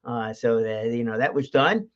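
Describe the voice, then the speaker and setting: A man's voice: mid-range voice, moderate pace. Casting chatty New guy hosting a home livestream, loose and rambling, muffled lo-fi sound. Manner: chatty, laughs often, many fillers and restarts. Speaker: host of a livestream show. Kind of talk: casual rambling livestream chat. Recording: dull lo-fi stream audio.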